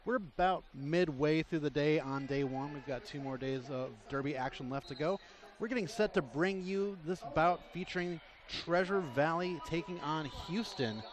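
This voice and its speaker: A man's voice: a little high, moderate pace. A man announcing a roller derby bout play by play, running energetically through rosters and action. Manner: energetic, rattles off names and numbers. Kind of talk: live sports commentary. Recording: crowd noise throughout. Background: crowd noise.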